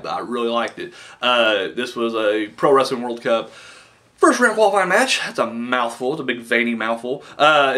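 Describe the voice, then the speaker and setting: A man's voice: mid-range voice, bright, forceful tone. A man casually reviewing a wrestling show, rambling and swearing, with lots of fillers and "dude.".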